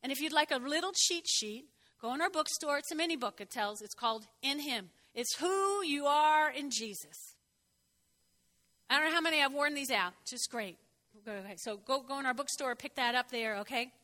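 A woman preacher delivering a conversational sermon, getting the congregation to repeat phrases after her and jumping in pitch for emphasis. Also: normal speed. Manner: expressive, jumps in pitch for emphasis.

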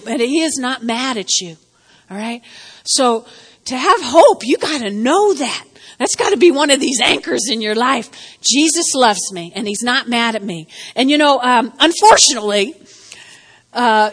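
A woman pastor delivers a sermon in a high voice, swinging between soft asides and loud exclaims. She tells stories with laughter and an animated, lively delivery.

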